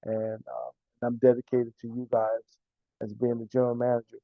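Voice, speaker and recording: A man's voice: mid-range voice, monotone, a little fast, no room sound. A man, a team's general manager and coach, answering interview questions earnestly, repeating himself and stumbling over words. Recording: tinny phone line, dry.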